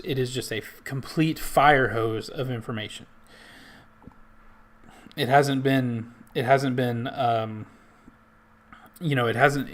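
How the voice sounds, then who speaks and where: A man walking through a database in a screen-share tutorial, halting with many restarts and fillers. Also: mid-range voice. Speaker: library staff trainer.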